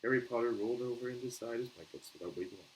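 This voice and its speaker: A man's voice: medium pitch, rapid-fire, slight background noise, low-quality recording. A man reading a children's novel aloud in a casual, unpolished way, with small slips and restarts. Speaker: show host reading aloud.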